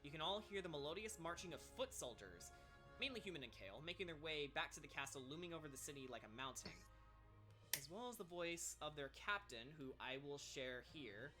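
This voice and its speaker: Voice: mid-range voice, expressive, a little fast, over music. A game master narrating a tabletop game, rambling with many ums and little laughs.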